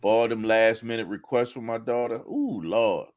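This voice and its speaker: A middle-aged man co-hosting a casual chat among friends, laid-back and drawn-out, laughing often. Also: mid-range voice, flat delivery, clean tone. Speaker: podcast co-host.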